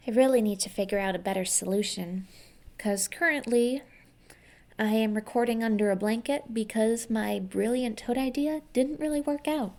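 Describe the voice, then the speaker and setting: A young adult woman with a somewhat high voice narrates a chapter aloud in the first person, keeping the reading plain and unhurried. She records under a heavy blanket at home. When she finishes, she talks to her listeners in a loose, chatty, self-mocking way. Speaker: amateur audiobook reader. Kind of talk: first-person audiobook narration and casual sign-off.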